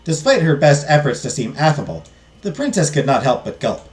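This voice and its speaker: Expressive visual novel reader. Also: medium pitch, a little fast, soft background music. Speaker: let's play host. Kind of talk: reading a visual novel aloud.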